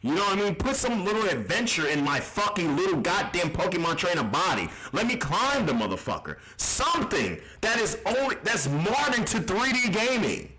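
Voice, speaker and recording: Man, streamer, exasperated profane rant, high pitch, bright tone. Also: big pitch swings, moderate pace, hardly any pauses, rough recording. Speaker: streamer reacting live. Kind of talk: live reaction stream.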